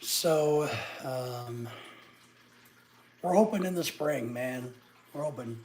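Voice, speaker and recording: A man's voice: mid-range voice, slow pace, darkish tone. A middle-aged man from Arkansas, chatting casually with viewers on a livestream and teasing them sarcastically. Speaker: livestreamer answering chat.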